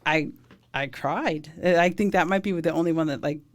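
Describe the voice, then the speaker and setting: A woman's voice: deep voice, moderate pace. A middle-aged woman, a first responder, telling blunt, talkative stories in a casual interview and laughing often.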